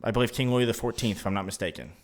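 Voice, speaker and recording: A man co-hosting a casual podcast chat, talking in an animated, ranting way and laughing often. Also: on the low side, rapid-fire. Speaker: podcast co-host.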